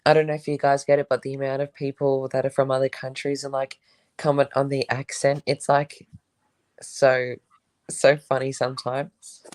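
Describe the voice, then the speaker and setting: A man's voice: medium pitch, monotone, normal speed, a little mellow, clear, resonant tone, dry recording. Easygoing young Australian man, dry sound. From Melbourne, Australia. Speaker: livestream guest. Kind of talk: casual live-stream chat.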